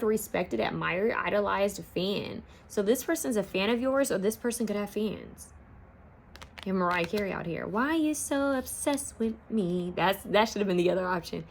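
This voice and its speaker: A woman's voice: mid-range voice, vocal fry, a little hiss or hum. A woman giving a casual, rambling pick-a-card tarot reading, now and then singing bits of songs. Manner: chatty, rambling, sings song snippets.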